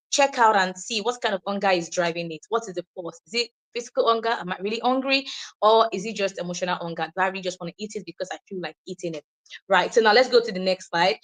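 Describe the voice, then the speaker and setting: A young woman with a Nigerian accent giving an informal teaching session, animated and quick to laugh, acting out the people she quotes. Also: medium pitch. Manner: animated, acts out quoted voices, laughs often. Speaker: wellness speaker.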